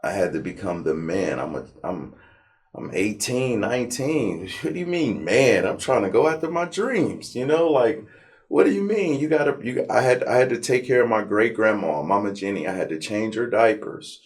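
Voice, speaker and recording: A man's voice: medium pitch, moderate pace. A man from Southern California, an interview guest, telling his life story with feeling, swearing freely and acting out what others said. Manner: animated, profane, acts out quoted people.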